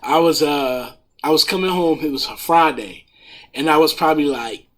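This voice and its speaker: A man in casual podcast chat, retelling a story in a profane, animated way with a husky voice. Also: fairly high pitch, normal speed. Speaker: podcast panelist.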